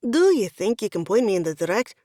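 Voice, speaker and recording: A woman voicing a commanding Highland rugby star in an audiobook, with a thick Scottish Highland brogue and a low, officious manner. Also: very animated, fast, warm tone, no room sound, clean studio sound, natural voice. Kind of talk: audiobook character voice.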